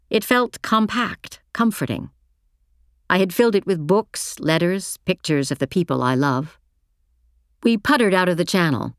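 Female audiobook narrator, low voice, measured reflective first-person read, dry booth sound. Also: no echo.

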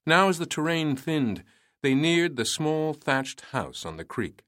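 A man reading a historical story aloud in a measured storytelling manner. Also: on the high side, very animated, a bit bright, no room sound, studio quality. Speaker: narrator. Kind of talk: scripted narration.

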